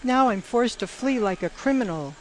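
A woman voicing a gentle young nun who has been falsely accused, reading her lines higher and strained in a storybook reading. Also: animated, moderate pace, lightly acted. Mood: upset, pleading. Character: young female nun, gentle but wronged.

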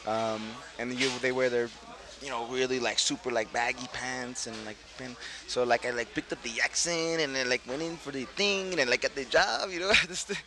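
A middle-aged man from Brooklyn, an actor being interviewed, telling stories casually and laughing often, jumping up in pitch when he quotes people. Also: moderate pace, crowd noise. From Brooklyn, New York. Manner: animated, laughing, voices quotes with big pitch jumps. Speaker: actor, guest.

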